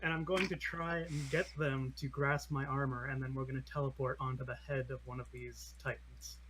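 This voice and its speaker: A man's voice: mid-range voice, flat delivery, brisk, fairly bright tone. Rambling man at the gaming table. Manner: rambling, laughing, with many ums and restarts. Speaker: player. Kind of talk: casual tabletop game chat.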